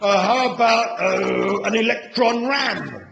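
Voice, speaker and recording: A man's voice: high-pitched, slow pace, vocal fry, fairly bright tone, dull audio, voice pushed up, exaggerated voice. A man voicing a huge, dim-witted, boastful male battle tank, roaring and blustering with hesitant ums. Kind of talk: live story reading. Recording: echoey hall, faint noise.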